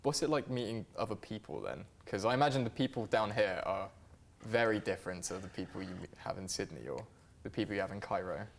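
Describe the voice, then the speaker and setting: A young man, relaxed and chatty, asking questions on a casual podcast. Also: fairly low pitch, brisk, creaky, few pauses. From Somerset, England. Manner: relaxed, laughs, many fillers like "like". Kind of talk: casual chat.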